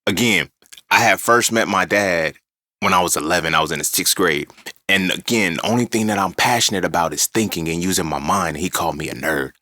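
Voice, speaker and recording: A man with a deep voice and a forceful, bright edge speaks. He talks casually and animatedly, swearing freely as he tells his story. The sound is dry and close. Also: brisk, no room sound. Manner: animated, profane, conversational storytelling. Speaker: podcast host. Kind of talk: casual monologue.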